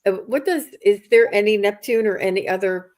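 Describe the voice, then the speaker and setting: A woman hosting a casual spiritual chat, speaking in a thoughtful, halting way with frequent fillers. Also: medium pitch, darkish tone. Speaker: host.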